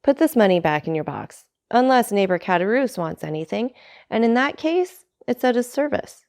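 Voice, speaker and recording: A woman's voice: a little high, very animated, normal speed, darkish tone, pitched above the performer's own voice. Edmond, a woman voicing an earnest young sailor. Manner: ardent, pleading. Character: young male sailor, earnest and devoted son.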